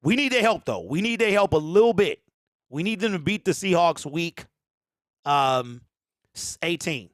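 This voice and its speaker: Lively high-voiced man in his forties. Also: moderate pace, no room sound, clean studio sound. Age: 40s. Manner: animated, laughs often, talks straight to the audience. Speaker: sports fan show host. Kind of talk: casual live-stream chat reading viewer comments.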